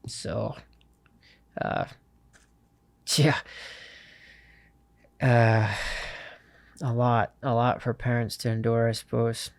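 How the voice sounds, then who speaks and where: A young man, an interview guest, earnestly telling a personal story with many pauses and fillers. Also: mid-range voice, level tone, gravelly, no room sound.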